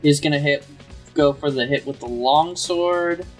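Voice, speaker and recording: A man playing a tabletop game in a relaxed way. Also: on the high side, a little slow, soft background music. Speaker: player.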